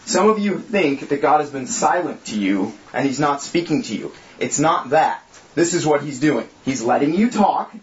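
A man's voice: on the high side, animated, normal speed. Guy preaching to a small group, chatty and jokey but earnest, roomy echo, kinda dull audio. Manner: casual, joking, earnest preaching. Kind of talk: informal sermon and prayer. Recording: echoey room, slightly dull sound.

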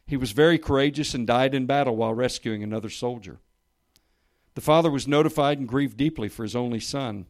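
A man preaching to a room of listeners, reading a story aloud and raising his voice for the quoted lines, then dropping low and soft for emphasis. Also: a little fast. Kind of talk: sermon with a read-aloud story. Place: church or meeting room with listeners.

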